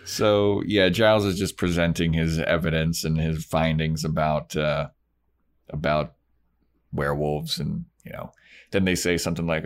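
Deep-voiced man recapping a show. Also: little pitch movement, normal speed. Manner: laid-back, acts out lines from the episode. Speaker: podcast co-host. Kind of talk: casual chat recapping a TV episode.

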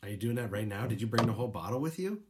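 A man's voice: medium pitch, expressive, rapid-fire, noisy background. Rambling, laughing podcast co-host man. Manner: rambling, laughing storyteller, swears. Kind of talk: casual chat.

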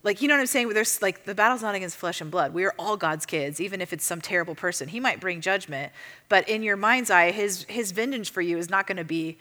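A woman teaching a church audience in a casual, chatty way, full of fillers and lively storytelling. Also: mid-range voice, fairly quick. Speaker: ministry teacher. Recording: long reverb of a hall.

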